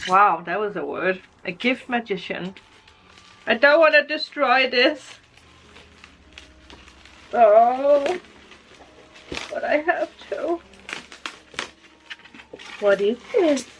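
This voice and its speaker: A woman's voice: a little high, expressive, very slow, long pauses, a bit bright. A woman vlogger unboxing gifts, giggly and tearful, gushing with happy emotion. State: crying happily. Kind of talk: emotional gift unboxing vlog.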